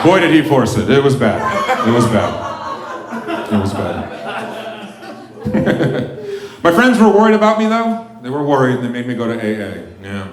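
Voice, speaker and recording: A man in his forties doing a crude, self-mocking stand-up set on a comedy club stage, breaking into shouted bits. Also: on the high side. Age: 40s. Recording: roomy club with loud crowd. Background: audience laughter.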